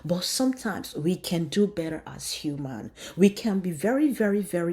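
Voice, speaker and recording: A woman's voice: fairly low pitch, very animated, moderate pace, few pauses, dark tone, breathy edge. A woman vlogger giving an emotional commentary, speaking emphatically and preachily and blessing her viewers directly.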